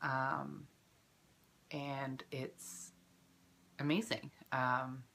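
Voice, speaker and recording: A young woman in her twenties vlogging casually, chatty and full of fillers, emotional at times, clearing her throat from a lingering cough. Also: a bass voice, little pitch movement, drawn-out words, a bit bright, a little hiss or hum. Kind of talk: casual personal vlog.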